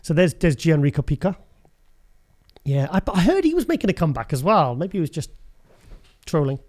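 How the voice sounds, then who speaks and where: A man's voice: a little high, wildly swooping pitch, brisk, darkish tone. Chatty, laughing man hosting a show. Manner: chatty, rambling, laughs often. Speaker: host. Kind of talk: casual show commentary.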